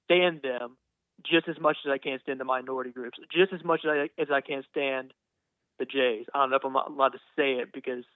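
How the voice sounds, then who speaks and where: A man's voice: mid-range voice, fairly even intonation, brisk, no echo. A young man from Texas, calling into a show and talking earnestly while stammering and repeating words. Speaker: caller. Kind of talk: phone-in conversation. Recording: phone line.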